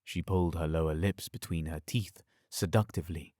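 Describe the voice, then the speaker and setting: A male narrator reading a scripted audiobook with a very deep voice. His telling is measured and even, recorded close and dry with no room around him. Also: no echo.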